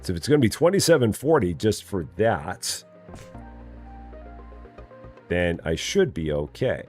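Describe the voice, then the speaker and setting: Male streamer, low voice with lively swings, casual chatty commentary, faint music behind. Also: a little slow. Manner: chatty, mutters quietly to himself while working. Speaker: game streamer. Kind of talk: casual live gameplay commentary.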